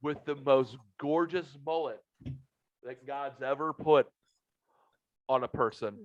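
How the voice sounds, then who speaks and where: A man telling a story on a podcast, swearing freely and getting animated as he goes. His voice sits in a middle register. The recording is dull and dry, with no room sound. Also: medium pitch, slow pace, no room sound. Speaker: podcast host. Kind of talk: casual podcast chat.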